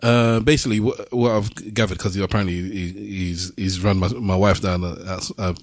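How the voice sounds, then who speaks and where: A man hosting a podcast, telling a story in casual chat and jumping into high voices for the people he quotes. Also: fairly even intonation, moderate pace, dry recording, clean studio sound. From Britain. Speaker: podcast host.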